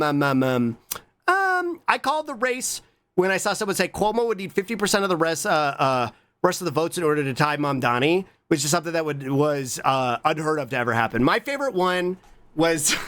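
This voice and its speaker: A man's voice: fairly high pitch, fairly bright tone. An American man streaming, chatting casually with lots of swearing and rambling, humming filler sounds between thoughts. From USA.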